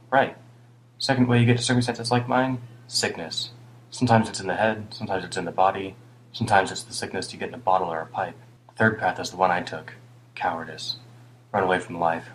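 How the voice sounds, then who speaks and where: A worn-down older homeless man with a British accent, voiced by a male audiobook reader. He rambles ruefully and heaps blame on himself in a low, deep voice, sometimes muttering. A faint hum lingers behind him. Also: steady tone, fairly quick, natural voice, rough recording.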